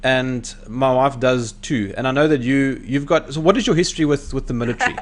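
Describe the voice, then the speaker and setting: A man's voice: mid-range voice, fairly quick. A South African man hosting a casual interview, often stammering and restarting his sentences. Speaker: host. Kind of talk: casual video-call interview.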